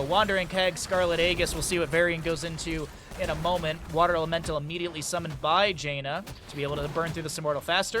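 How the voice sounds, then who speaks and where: A man casting an esports match solo, excitable on big plays and joking with chat between them. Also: on the high side, noisy background. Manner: chatty, jokes with viewers between plays. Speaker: esports caster. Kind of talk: solo play-by-play commentary with chat asides.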